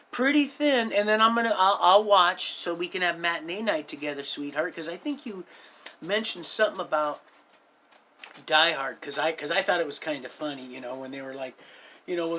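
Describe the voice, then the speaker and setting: A middle-aged man with a gravelly, rough-edged voice rambles through a life story and slides into folksy preaching. His tone is sharp and forward, and he calls his listeners beloved as he talks to them. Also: high-pitched, a little hiss or hum. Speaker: livestream host.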